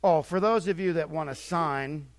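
An older man preaching a sermon as pastor, swinging between quiet asides and emphatic, repetitive points. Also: on the high side, normal speed.

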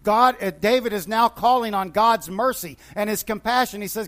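A man's voice: high voice, moderate pace, hardly any pauses, a bit bright. A man teaching from the Bible, retelling scripture stories with quoted dialogue and frequent restarts. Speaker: preacher.

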